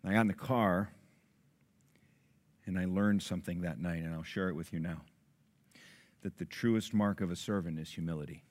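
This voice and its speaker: A middle-aged man preaching a sermon, telling a story with loud excited bursts and soft low asides. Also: normal speed, pauses often. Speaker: pastor.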